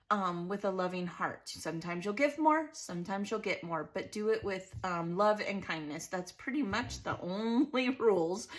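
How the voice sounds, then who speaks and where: A woman's voice: mid-range voice, bright, forceful tone. A middle-aged woman hosting a casual scrapbooking vlog, bubbly and laughing often as she chats and tells stories. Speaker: scrapbooking channel host.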